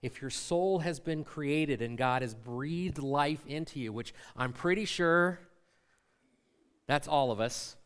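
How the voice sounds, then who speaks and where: A man's voice: a little high, slow, a bit bright, clean tone. A middle-aged man preaching a sermon as a pastor in a church, conversational and full of rhetorical questions to the congregation. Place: church sanctuary.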